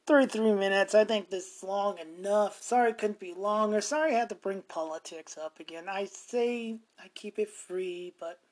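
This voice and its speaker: Rambling, profane middle-aged man. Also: sits high. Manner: rambling, profane, chuckling often. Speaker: podcast host. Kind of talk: casual storytelling monologue.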